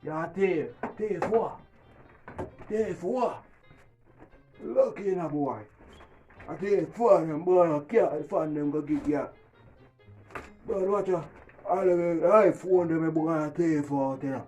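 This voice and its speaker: A man with a Jamaican accent playing a rowdy character in a comedy sketch, loud and rough-spoken, with music playing. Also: a little high, slow pace, long pauses. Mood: boasting.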